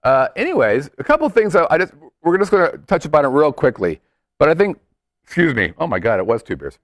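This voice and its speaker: Animated joking male co-host. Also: on the high side, fast talker, no echo, studio quality. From Las Vegas. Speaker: podcast co-host. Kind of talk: casual chat.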